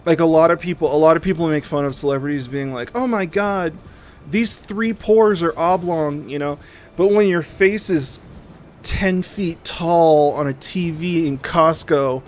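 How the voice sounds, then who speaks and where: Young dude ranting on stream, kinda high voice, swears a lot, does little voices for people, faint hum in the back. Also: male voice. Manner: animated, profane, mimics people in quick asides. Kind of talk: casual livestream chat.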